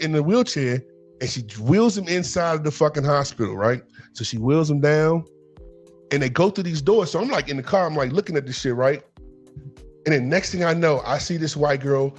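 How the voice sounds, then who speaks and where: A man's voice: on the high side, husky. A middle-aged man casually telling a rambling, profane story on a podcast, acting out the quotes in a rising voice.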